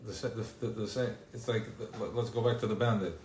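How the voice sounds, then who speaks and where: A man giving an informal religious talk at a gathering, animated and full of rhetorical questions. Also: on the low side, fast talker. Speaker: speaker at a gathering. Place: gathering hall. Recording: echoey live room, faint noise.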